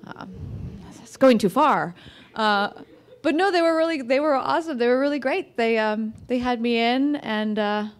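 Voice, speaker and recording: American woman author, slightly high voice, chatty and self-deprecating, talking to a live audience. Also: normal speed. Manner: chatty, self-deprecating, many fillers and restarts. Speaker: author giving a talk. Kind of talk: casual talk to an audience. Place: museum event room.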